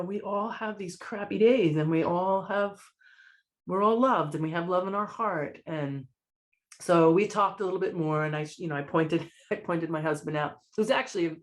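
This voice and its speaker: A woman, a podcast guest, telling a personal story in an earnest, emotional way and acting out the dialogue. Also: fairly low pitch. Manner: earnest, emotional, lively retelling with quoted dialogue.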